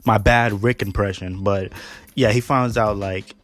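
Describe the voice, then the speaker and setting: A man's voice: fairly low pitch, fairly even intonation, a little slow, faint music behind. A man hosting a podcast, recapping a cartoon episode in a casual, slangy, rambling way and laughing often. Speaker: podcast host.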